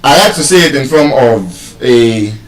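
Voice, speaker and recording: A man giving a live lesson on word stress, deliberate and teacherly, repeating key terms. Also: medium pitch, animated. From Nigeria. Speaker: English language teacher. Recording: roomy sound, mic far off.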